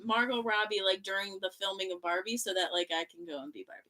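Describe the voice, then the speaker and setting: A woman's voice: medium pitch, fast, far from the mic, over a noisy crowd. A woman co-hosting a casual podcast, talking hesitantly with lots of filler words. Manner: hesitant, many fillers like "like" and "I don't know". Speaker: co-host, host's wife.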